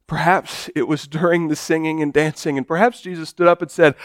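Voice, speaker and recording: A pastor delivers a dramatic church sermon, his voice swinging between loud declarations and hushed, low passages. He moves briskly and keeps a steady tone.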